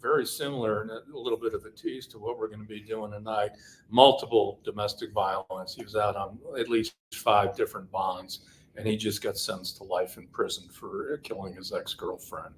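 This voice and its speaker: A man's voice: lowish voice, steady tone, moderate pace, a little hiss or hum, poor audio. A man, a crime reporter, in casual chat who tells stories and often repeats words while he gathers his thoughts.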